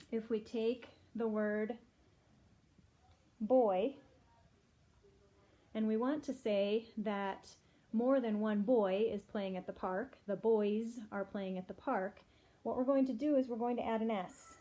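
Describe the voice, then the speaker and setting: Slow, patient teacher woman. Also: on the high side, dark tone. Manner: slow, patient, clearly spelled-out teaching with questions to kids. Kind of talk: phonics lesson for young children.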